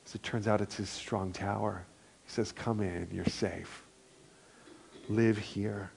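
A middle-aged male pastor preaching a sermon and leading a responsive reading in a slow, soft, unhurried way. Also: lowish voice, fairly even intonation, creaky, slight background noise.

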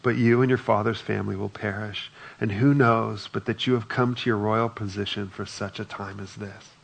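A man's voice: on the low side, fairly even intonation, moderate pace, gravelly, slightly rough. A man preaching a sermon in a conversational way, reading scripture aloud between his own remarks. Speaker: pastor.

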